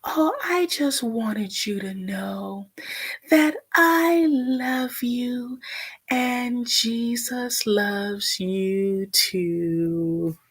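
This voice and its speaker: A woman putting on the voice of a patronizing middle-aged mother, breathy, sugary and drawn out very slowly. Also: on the high side, voice pushed up, heavily acted. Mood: sickly sweet. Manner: talks very slowly and sweetly.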